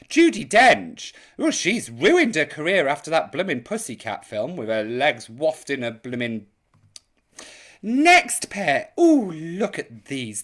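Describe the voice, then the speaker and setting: A woman's voice: lowish voice, a bit bright. A woman hosting a live online chat show, camp, theatrical and gossipy in her comic banter.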